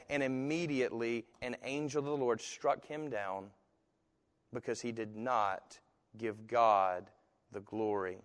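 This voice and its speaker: A man preaching a sermon as pastor, swinging from hushed, slow phrases to loud, emphatic ones. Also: mid-range voice, steady tone. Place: church sanctuary. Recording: long hall reverb.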